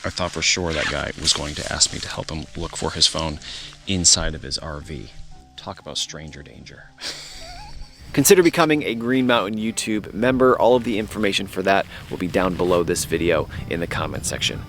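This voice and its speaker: A man with a slightly low voice hosts a casual metal detecting vlog from a lake beach. He explains his finds in an eager, teaching way. Background music runs clearly under his words. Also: expressive, brisk, fairly bright tone. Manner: explanatory, enthusiastic about finds. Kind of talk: casual outdoor vlog narration.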